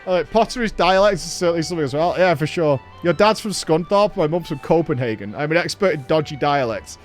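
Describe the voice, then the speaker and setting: Northern English male streamer, swears a lot, rambly banter, bouncy and fairly high voice. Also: expressive, fairly quick, hardly any pauses, soft background music. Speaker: streamer reacting to a game. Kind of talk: casual live-stream commentary.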